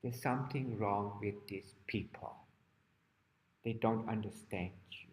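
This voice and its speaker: A gentle young girl from a storybook reassures her pet, voiced by a man telling the tale. She speaks slowly, and a long hall reverb trails each phrase. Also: on the low side, pitched below the performer's own voice, lightly acted. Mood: reassuring.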